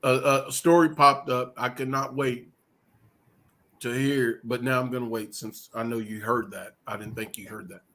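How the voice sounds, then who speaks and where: A man with a mid-pitched, everyday voice co-hosts a podcast. He recounts things in a measured, matter-of-fact way. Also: fairly even intonation, bright, forceful tone, a little hiss or hum. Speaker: podcast co-host. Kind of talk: casual chat.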